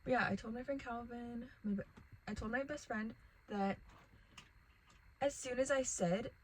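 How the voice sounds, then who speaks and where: A woman's voice: a little high, moderate pace, slight background noise, poor audio. A young woman telling a rambling casual storytime vlog to the camera, packed with "like" and fillers. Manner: rambling, filler-heavy, lots of "like".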